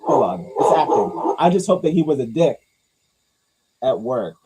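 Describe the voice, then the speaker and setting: A husky man riffing on movie comments in a loose, rambling podcast chat. His pitch swings widely as he jokes, and he often jumps loud and high for a bit before dropping back to a low mutter. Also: big pitch swings, normal speed, poor audio. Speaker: podcast host reading comments.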